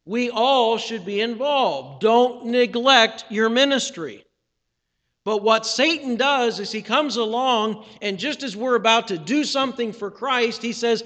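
A man's voice: very high voice, measured pace, a bit bright. A male pastor preaching a sermon in an earnest, conversational storytelling manner, acting out the people he quotes. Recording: reverberant church sanctuary.

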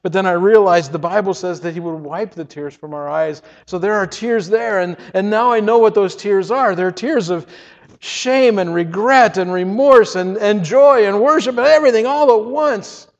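A man telling his own story in the first person, earnest and emotional, often halting and repeating words. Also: sits high. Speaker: storyteller giving a testimony. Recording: reverberant, dull lo-fi sound.

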